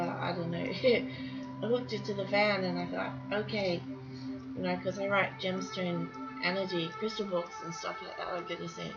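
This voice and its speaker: A woman artist commentating casually while she draws, rambling with fillers, restarts and frequent laughs. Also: medium pitch. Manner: chatty, laughs often, many fillers and restarts. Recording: dull lo-fi sound with music behind. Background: music.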